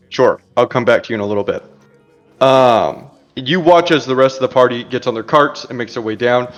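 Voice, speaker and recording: A man narrating a tabletop role-playing game as game master, in a relaxed, chatty way. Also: medium pitch. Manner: relaxed and chatty, laughs easily.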